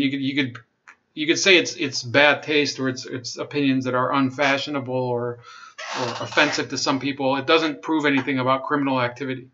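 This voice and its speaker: A man giving casual commentary, reading an article aloud and rebutting it with halting restarts and wry asides. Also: medium pitch, sharp tone. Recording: dull lo-fi sound.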